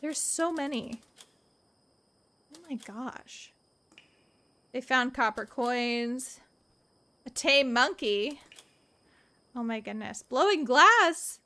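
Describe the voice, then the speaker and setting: A young woman from the American South streaming a point-and-click game, excitable and jokey, laughing and gasping often. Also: fairly high pitch, slow pace, long pauses. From Southern United States. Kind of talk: casual gameplay commentary. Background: faint game music.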